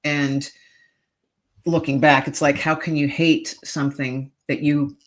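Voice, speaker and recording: A woman's voice: low voice, flat delivery, measured pace. A middle-aged woman, a podcast guest, telling a personal story earnestly and emotionally, with hesitant restarts.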